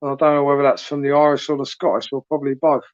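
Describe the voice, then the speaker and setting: A man's voice: mid-range voice, level tone, rapid-fire, no echo. A young southern English man hosting a late-night livestream, chatting casually and teasingly as he reads out viewers' comments. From England. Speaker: livestream host. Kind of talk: casual live chat reading comments. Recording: dry, dull lo-fi sound.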